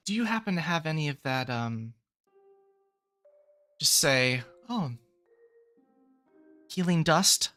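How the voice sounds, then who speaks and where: A man's voice: on the high side, big pitch swings, takes it slowly, pauses often, pushed and bright, soft background music, pitched above the performer's own voice, heavily acted. A man voicing a chatty, motherly woman tarot reader in a tabletop game, in a raised, fussy voice. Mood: friendly.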